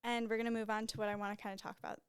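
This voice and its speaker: A young woman in her twenties hosts a relaxed solo podcast, talking in a rambling, openly emotional way. Her voice sits a little high, smooth and clear, and it is close to the mic in a dry, dead small studio. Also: racing, dry recording. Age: 20s. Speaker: podcast host. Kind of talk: casual solo podcast chat. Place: small studio room with a white backdrop. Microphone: podcast microphone.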